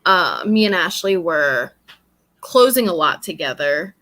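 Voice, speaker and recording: A young New York woman co-hosts a podcast, chatting casually in a blunt, rambling way and laughing often. Her lowish voice is expressive, bright and forceful, and she speaks a little slowly.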